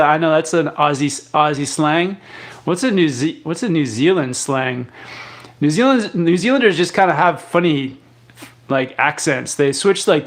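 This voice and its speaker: A young man from Canada hosting a live stream, casually reading viewer comments aloud and answering with lots of fillers and restarts. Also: a little high. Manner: relaxed, rambling, many fillers and restarts. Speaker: live chat host.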